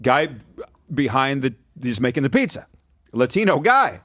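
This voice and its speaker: A man co-hosting a sports podcast, chatting in a lively, sing-song voice that swings up and down as he tells stories. The sound is dry and close, with no room at all. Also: medium pitch, normal speed, no echo. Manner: animated, chatty storyteller. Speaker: podcast co-host. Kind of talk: casual sports chat.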